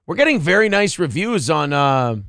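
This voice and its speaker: A man hosting a casual livestream, reading super chats in a profane, rowdy way with sudden loud outbursts, a little drunk. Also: fairly high pitch, sing-song, moderate pace, creaky, no echo, clean studio sound. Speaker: livestream host.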